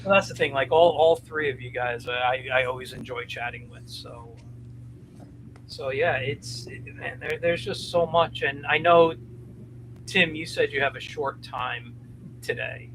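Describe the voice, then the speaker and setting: A man's voice: medium pitch, unhurried, background noise. A man hosting a casual livestream chat, friendly and chatty, laughing easily with his guests. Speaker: host.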